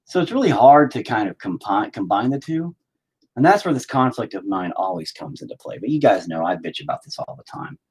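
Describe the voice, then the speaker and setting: A man's voice: lowish voice, very animated, fairly quick, darkish tone, husky. A man rambling and swearing in mock anger as he paints and talks to his viewers. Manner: profane, rambling, mock-angry. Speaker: painting vlogger. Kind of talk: casual rant while painting.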